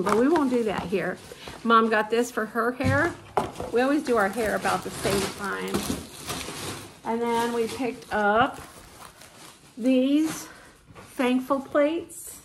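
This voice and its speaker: At home with her mother nearby, a woman with a mid-range voice chats through a casual shopping haul vlog, bubbly and talkative, repeatedly calling viewers "you guys." She records on a propped-up phone camera against a noisy background.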